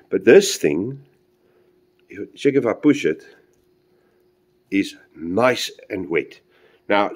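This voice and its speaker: A man's voice: on the low side, darkish tone. A man chatting casually as he shows off a hobby project, rambling and talking straight to his viewers. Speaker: model railway hobbyist.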